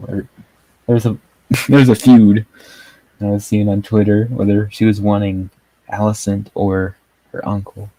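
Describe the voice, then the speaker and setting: A man's voice: fairly low pitch, steady tone, unhurried, pauses often, dark tone, no echo, low-quality recording. A man chatting casually as he reviews a TV episode, rambling with lots of fillers and frequent chuckles. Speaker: TV show reviewer. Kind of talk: casual video review chat.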